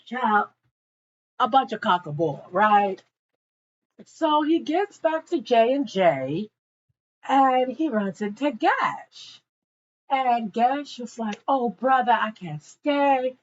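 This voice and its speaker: A young woman gossips her way through an episode recap, speaking slowly with a very lively, swooping pitch. She drops frequent asides to her viewers. The recording sounds a little muffled and lo-fi. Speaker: TV show reviewer.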